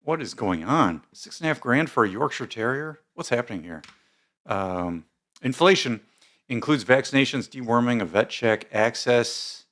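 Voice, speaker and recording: A man's voice: mid-range voice, expressive, normal speed, a bit bright. A man hosting casual commentary, reading posts aloud with bemused, rambling asides and many fillers. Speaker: commentary host.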